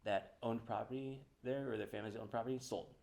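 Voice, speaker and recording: A man's voice: medium pitch, fairly even intonation, fast talker, creaky, darkish tone. A man co-hosting a comedy podcast, telling a rambling story in casual chat with many fillers. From California.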